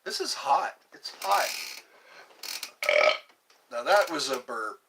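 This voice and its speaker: A man's voice: mid-range voice, sing-song, slow pace, background noise. A man hosting a casual livestream, chatting playfully and reading out his viewers' comments. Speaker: livestream host. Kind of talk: casual live chat.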